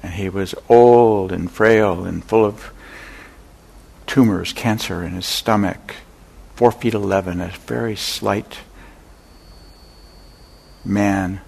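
Slow gravelly older man telling stories. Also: lowish voice, steady tone, a little mellow. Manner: unhurried, pausing storyteller. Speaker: meditation teacher. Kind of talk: dharma talk with storytelling. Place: meditation center hall.

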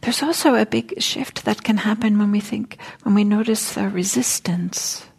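Soft-spoken woman with a gravelly voice. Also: medium pitch, normal speed. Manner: soft-spoken, gentle, often near a whisper; reflective, with casual fillers. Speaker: meditation teacher. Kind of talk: dharma talk. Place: meditation hall.

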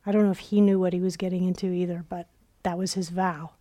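A woman's voice: fairly low pitch, level tone, fast, mellow. A woman meditation teacher giving a dharma talk at a retreat center, telling stories reflectively and acting out quoted inner voices.

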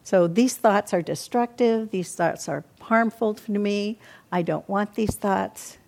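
An older woman teaching meditation in a calm, reflective dharma talk, often acting out her own inner self-talk. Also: medium pitch, slow, vocal fry. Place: meditation hall.

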